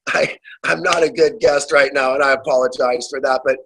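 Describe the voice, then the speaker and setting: Fiery husky-voiced man urging listeners. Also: medium pitch, fairly even intonation, fairly quick, bright, forceful tone, poor audio. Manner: urgent, fiery, appeals directly to listeners. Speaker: guest author. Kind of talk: impassioned advocacy talk. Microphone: remote call.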